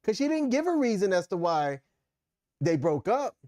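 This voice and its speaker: A man co-hosting a podcast who explains his points in a measured way and now and then breaks into playful exclamations. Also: high voice, big pitch swings, darkish tone, no echo, clean studio sound. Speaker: podcast co-host. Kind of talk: casual opinion chat.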